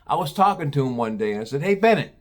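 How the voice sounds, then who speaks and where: A man's voice: mid-range voice, expressive, very fast. A man telling a casual story to his own camera, rambling, restarting often and swearing casually. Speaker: storyteller, former meat department manager. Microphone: camera he films himself with.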